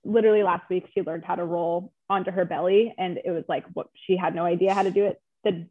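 A woman's voice: lowish voice, steady tone, quick pace. Young mother on a tinny call line. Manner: candid, chatty, many "like" fillers. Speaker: guest, new mother. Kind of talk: casual interview chat. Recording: tinny phone-line sound.

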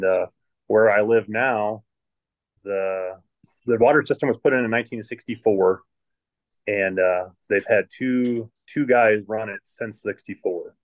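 Over phone-quality sound, a middle-aged man from Michigan with a lowish voice talks about his job running a water plant. It's a casual interview, and his storytelling rambles with plenty of restarts.

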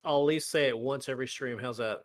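A man's voice: medium pitch, quick pace, dry recording, studio quality. A man co-hosting a live stream talk show, bantering with jokes at his own expense. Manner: joking, self-deprecating banter. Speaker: podcast co-host. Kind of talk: casual chat.

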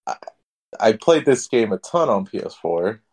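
Low-voiced guy on a gaming podcast, cussing, bouncy pitch, wry. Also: moderate pace, slightly rough. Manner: swears freely, wry, lively storytelling. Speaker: podcast co-host. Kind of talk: casual chat.

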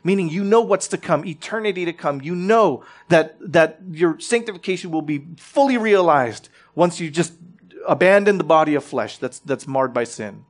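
High-voiced conversational male preacher. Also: lively intonation, normal speed. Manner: conversational teaching, frequent "right?" check-ins and restarts. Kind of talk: sermon.

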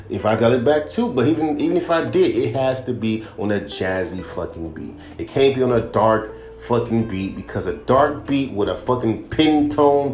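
Young dude rapper venting on his podcast, swears nonstop, mid pitch, echoey room. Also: darkish tone. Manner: blunt, swears constantly, mocks critics in higher voice. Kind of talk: profane casual rant. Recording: echoey room with faint music.

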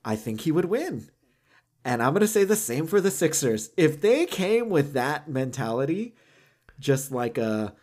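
A podcast co-host chats casually in a voice on the high side, with big pitch swings, an unhurried pace and a darkish tone. He laughs often, peppers his speech with "like," and acts out what other people might say.

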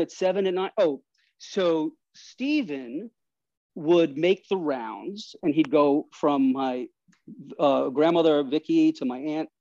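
A podcast guest from New York, a man with a fairly high voice, tells casual stories in an animated way, restarting and laughing mid-story. The dry recording has no room sound and is slightly dull.

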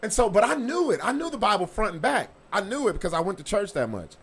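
A man hosting a podcast tells stories in casual chat with a swaggering, profane delivery. His high voice is sing-song, fast and slightly bright, with a breathy edge.

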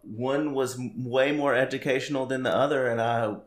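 A man's voice: medium pitch, steady tone, normal speed. A man co-hosting a podcast in casual chat, mostly giving short reactions. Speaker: podcast co-host. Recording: roomy echo.

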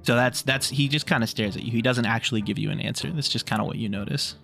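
A man's voice: medium pitch, fast talker, vocal fry, bright, forceful tone, faint music behind. A man narrating as game master of a tabletop game, in a laid-back, casual way with filler words.

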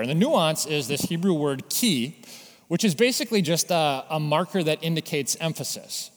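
Guy preaching, chatty teaching tone, lots of rhetorical questions, big echoey hall. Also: a little high. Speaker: pastor. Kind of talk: sermon. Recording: long hall reverb.

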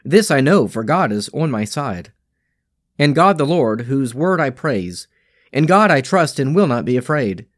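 A man reading daily scripture lessons and prayers in a measured, solemn way. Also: on the high side, expressive, dry recording, clean studio sound. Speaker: scripture reader.

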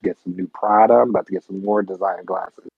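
A man's voice: deep voice, steady tone, a little fast, vocal fry, husky, no room sound. A young man chatting casually on a podcast, laid-back and teasing, with some swearing. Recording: tinny phone-like line.

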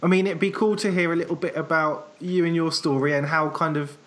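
Easygoing interviewer with a higher male voice. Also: steady tone, a little fast, fairly bright tone. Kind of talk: casual interview.

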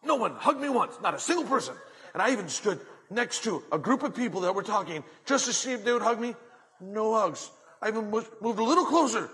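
A man's voice: high-pitched, very animated, fairly quick, bright, forceful tone, pitched above the performer's own voice, heavily acted. A man voicing a huffy, indignant churchgoing woman who complains in rising outrage, heard in a reverberant hall.

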